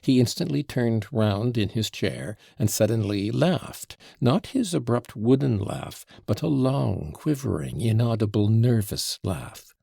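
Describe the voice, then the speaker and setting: A man narrating a classic novel as an audiobook in an expressive, dramatic reading. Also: lowish voice, measured pace, creaky, hardly any pauses, slightly rough, dry recording, studio quality.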